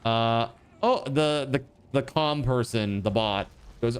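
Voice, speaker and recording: A man giving casual, excitable commentary while streaming a survival game. He swears freely, yelps in alarm and breaks into laughter. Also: mid-range voice, clean tone. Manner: retells chats in quick put-on voices.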